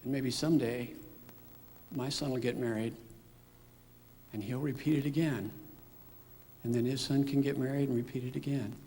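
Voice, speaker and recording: A man's voice: mid-range voice, fairly even intonation, normal speed, pauses often, dark tone, slight background noise. A middle-aged man giving a personal testimony at church, telling a story and acting out remembered dialogue. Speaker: father giving a church talk. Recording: reverberant church hall.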